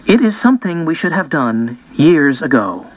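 A man's voice: fairly high pitch, big pitch swings, normal speed, rough recording. A man voicing a middle-aged mother in an audiobook, composed and matter-of-fact. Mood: firm. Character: mother, middle-aged woman, calm and firm. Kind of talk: audiobook character voice.

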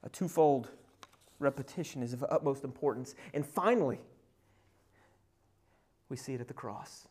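A male pastor delivers a sermon with wide swings in volume, building to loud, emphatic peaks and then dropping to hushed, almost whispered stretches. He retells scripture scenes in a conversational way, with casual asides woven into the preaching. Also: medium pitch, normal speed, long pauses, slightly rough.

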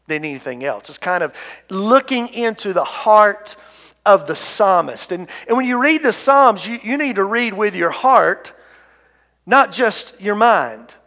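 A male pastor preaching a sermon, earnest, swinging between hushed and loud delivery and often repeating words. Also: sits high. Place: church sanctuary. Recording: long reverb of a large hall.

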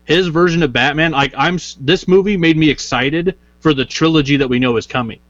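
A man's voice: on the high side, a little fast, fairly bright tone, dry recording. Blunt opinionated man, muffled dry sound. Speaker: podcast co-host. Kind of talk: casual chat. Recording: slightly dull dry sound.

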